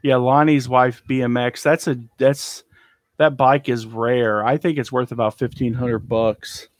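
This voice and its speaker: A man's voice: medium pitch, no echo. Chatty man showing off his thrift haul. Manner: chatty, rambling, trails off with ums. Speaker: eBay reseller showing a haul. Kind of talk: casual live haul chat. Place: cluttered storage room indoors.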